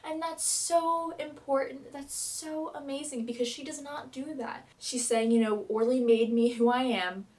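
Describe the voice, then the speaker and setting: A young woman recapping a TV episode as a fan vlogger, gushing and dramatic, with quick swings in loudness. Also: high-pitched, steady tone, distant mic.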